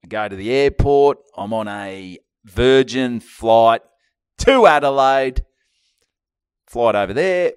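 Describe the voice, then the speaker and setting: A man's voice: medium pitch, lively intonation, slow pace, clean tone, dry recording, studio quality. An Australian man co-hosting a podcast, rambling through a story in casual banter and swearing freely. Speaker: podcast co-host.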